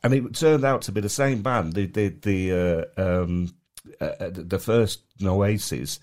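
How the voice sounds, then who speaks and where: A man's voice: sits low, unhurried, darkish tone. A man with a Mancunian accent co-hosting a podcast, chatting casually in a rambling, stop-start way. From Manchester. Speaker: podcast co-host. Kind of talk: casual chat.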